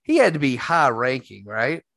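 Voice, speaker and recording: A man spinning a rambling story in casual podcast chat, his voice swinging up and down with lively energy. The sound is dry and close to the mic. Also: medium pitch, moderate pace, vocal fry, no echo. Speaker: podcast host.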